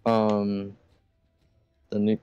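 A man's voice: fairly low pitch, completely flat delivery, mellow, clear, resonant tone, dry recording, lo-fi sound, soft background music. A man narrating a scene in a tabletop role-playing game, casual and a bit forgetful. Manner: casual, pausing to recall names. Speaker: game master.

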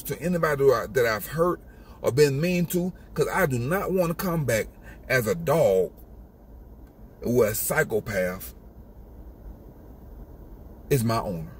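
A man's voice: medium pitch, slight background noise. A man giving an emphatic, repetitive motivational monologue in a casual street style. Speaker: motivational speaker.

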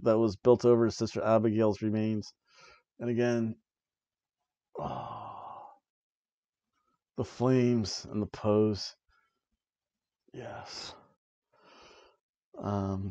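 A man casually recapping a wrestling show for his podcast, breaking into giggles between thoughts. His voice sits at a middle pitch. The recording is dull and lo-fi, with a close, dry sound. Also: darkish tone, dry recording. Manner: giggly, laughs often while recapping. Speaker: wrestling review podcast host.

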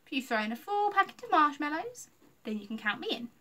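Woman doing shrill bratty little Ella. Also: sing-song, fast, sharp tone, slight background noise, exaggerated voice. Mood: cheeky. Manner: squealing, shrill, over-the-top. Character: bratty loud six-year-old girl.

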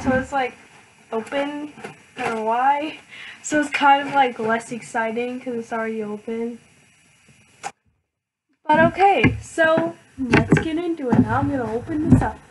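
A teenage girl vlogging an unboxing, hyper and excitable, with lots of filler words. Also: high voice, moderate pace, background noise. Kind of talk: casual unboxing vlog.

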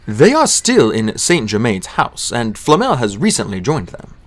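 A man voicing a tall, elegant older Italian schemer in an audiobook, speaking softly and mildly in a measured way. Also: mid-range voice, wildly swooping pitch. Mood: smooth. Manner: soft, mild, measured.

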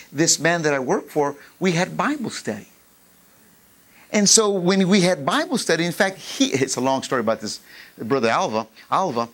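A middle-aged man preaching a sermon, lively, acting out old conversations as he tells his story. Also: fairly high pitch. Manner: animated, acts out dialogue in raised voice. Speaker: pastor.

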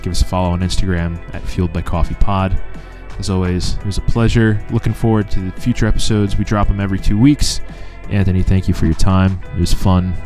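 Deep-voiced laid-back podcast host. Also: male voice, fairly even intonation, quick pace, darkish tone, faint music behind. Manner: laid-back, reacts with short exclamations. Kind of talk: casual podcast chat.

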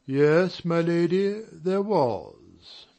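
A man playing a composed, dignified butler who answers with measured formality. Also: fairly high pitch, big pitch swings, gravelly, mellow, full character voice.

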